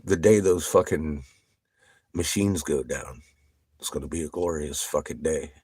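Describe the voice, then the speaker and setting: A man chatting casually with viewers on a livestream. He swears constantly, gets excited and laughs often. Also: rumbling low, a little slow, slightly rough, no room sound.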